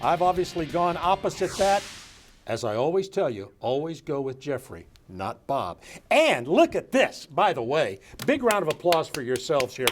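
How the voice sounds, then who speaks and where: A man's voice: fairly high pitch, very animated, normal speed, soft background music. A man hosting a sports show in a studio, talking casually and joking with his guests. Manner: jovial, joking.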